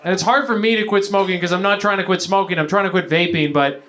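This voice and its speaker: A man from Canada doing stand-up, his voice sitting a little high as he rambles through stories at his own expense. He breaks into quick voices for the people he quotes. A live mic picks him up with the crowd clearly audible underneath. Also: fairly even intonation, noisy background. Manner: rambling, self-deprecating, acts out quoted people in bursts. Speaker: stand-up comedian. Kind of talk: stand-up comedy set. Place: comedy venue before a live audience. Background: audience laughter.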